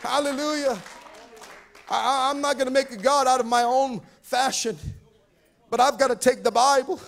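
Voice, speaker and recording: A male pastor preaching a sermon, stammering and repeating words, building to shouted fervor. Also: extremely high pitch, steady tone, moderate pace, gravelly, a faint crowd. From Pacific Islands. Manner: repetitive stammering restarts, rising to shouting fervor.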